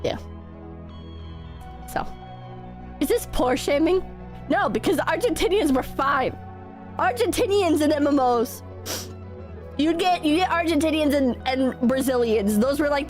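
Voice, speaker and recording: A young woman streaming and chatting with viewers, hoarse and coughing from illness, telling profane stories full of mocking impressions. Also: high voice. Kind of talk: casual chat with viewers.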